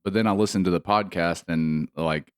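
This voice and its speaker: A man's voice: sits low, moderate pace, clear, resonant tone, no room sound, clean studio sound. A man co-hosting a podcast in casual chat, cursing freely and laughing often. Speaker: podcast co-host.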